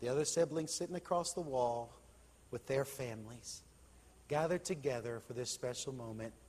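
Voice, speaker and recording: A male pastor telling a story in a sermon, impassioned and swinging from hushed to loud. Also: medium pitch, normal speed, in a large hall. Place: church.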